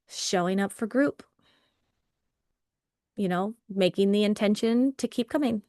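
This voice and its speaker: A woman's voice: medium pitch, no room sound, studio quality. Encouraging woman leading a live workshop. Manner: encouraging, conversational, laughs often. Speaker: workshop facilitator. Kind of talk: live online workshop, reading and answering chat.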